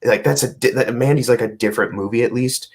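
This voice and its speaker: A man's voice: mid-range voice, fast talker. A young man in a casual movie preview chat, ranting in exasperation with stumbling restarts and heavy swearing. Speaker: podcast co-host.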